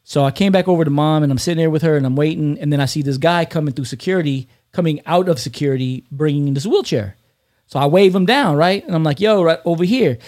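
Guy in his 50s with a highish voice telling a wild story, swearing a lot, laughing. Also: fast, a little mellow. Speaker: podcast host. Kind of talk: casual chat.

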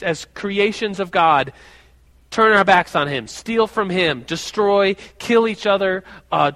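A man whose voice sits on the high side preaches a sermon, telling a personal story in a lively, animated way and acting out the voices of the people in it. Long hall reverb fills the recording.

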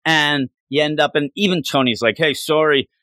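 Fairly high in pitch and sharp in tone, this man speaks at a normal speed with no echo. He co-hosts a comic book podcast, rambling enthusiastically through a casual chat and acting out lines from the story.

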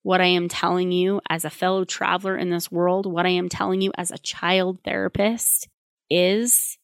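A woman's voice: lowish voice, flat delivery, moderate pace, vocal fry, dry recording. Chatty woman therapist, dry close sound. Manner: chatty, acts out quoted lines. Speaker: child therapist. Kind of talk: casual advice monologue.

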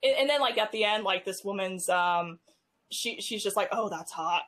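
Thirties woman, halting filler-heavy speech. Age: 30s. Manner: halting, many fillers, rises in pitch when animated. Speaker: podcast guest. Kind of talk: casual conversational storytelling.

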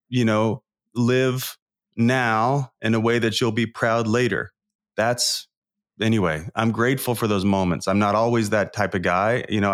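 Man, forties, lowish voice, earnest, emotional, rambling, interview guest. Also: fairly bright tone. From Southern California. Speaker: guest, founder coach. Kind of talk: candid interview storytelling.

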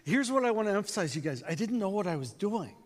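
A man in his sixties from North Dakota speaks to a conference crowd in a fairly high voice. He tells his story with animation and acts out the quoted lines. A long reverb from the big hall trails after his words. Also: very animated, fast talker. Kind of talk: storytelling talk to a conference audience.

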